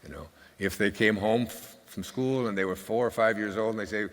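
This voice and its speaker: Older man with a deep voice, telling rambling stories. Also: steady tone, fairly quick. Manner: rambling and conversational, many fillers, dry humor. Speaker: speaker at a live talk. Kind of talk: anecdotal storytelling talk. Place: stage at a live event. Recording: long hall reverb.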